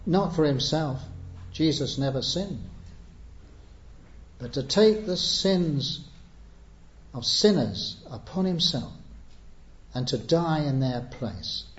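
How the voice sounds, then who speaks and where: A man's voice: a little high, lively intonation, slow pace, long pauses. A man preaching an evangelistic sermon, earnest and pleading, building to emphatic appeals. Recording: echoey muffled church recording.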